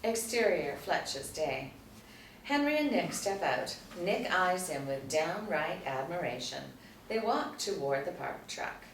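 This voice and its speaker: Reading stage directions for a screenplay table read, a narrator with an unusually low female voice goes slowly, keeping her delivery plain, steady and even from start to finish. The room sounds large, placing her at a distance, and a faint hum runs beneath her.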